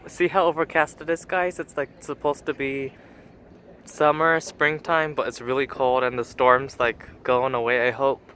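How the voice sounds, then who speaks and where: A young man talks casually to his viewers in an upbeat, chatty way. His voice sits at a middle pitch, and he fills his sentences with "like". A faint hiss runs under the recording. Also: level tone, normal speed, sharp tone. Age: young adult. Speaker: vlogger. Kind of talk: casual vlog chat.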